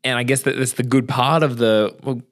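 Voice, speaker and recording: A man's voice: medium pitch, fairly even intonation, fairly quick. A man hosting a casual podcast chat, affirming his guest and encouraging the listeners. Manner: affirming and encouraging, with short backchannels. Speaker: podcast host.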